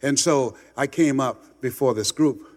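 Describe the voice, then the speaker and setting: A man from Miami giving an impassioned motivational speech, repeating words for emphasis and dropping to a hush for stories. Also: medium pitch, a little slow, long reverb tail. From Miami, United States. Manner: emphatic, repeats words, swings from loud to hushed storytelling. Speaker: motivational speaker.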